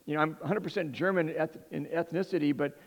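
A fast-talking middle-aged Southern Californian with a fairly high voice entertains an audience with a funny story about himself, his sound echoing in a big room. He rambles animatedly, cutting himself off and beginning sentences over.

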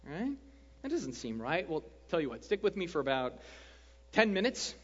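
A man preaching a sermon as pastor, animated and joking, often checking in with the congregation. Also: a little high, moderate pace. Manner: animated, joking, keeps asking "right?". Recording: dull lo-fi sound, long hall reverb.

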